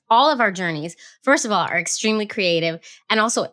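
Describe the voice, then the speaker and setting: A woman's voice: mid-range voice, fairly quick, few pauses, no echo, clean studio sound. Bubbly woman podcast host. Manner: bubbly, effusive, animated. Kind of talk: casual podcast hosting.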